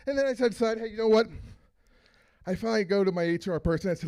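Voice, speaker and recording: A man from Philadelphia performing a rambling, exasperated stand-up set at an open mic, breaking into loud outbursts. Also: sits high, fast talker, gravelly. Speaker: stand-up comedian. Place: small open mic venue.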